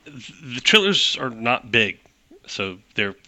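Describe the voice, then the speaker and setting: A man narrating as game master of a tabletop game, talking in animated quick bursts with restarts. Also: mid-range voice.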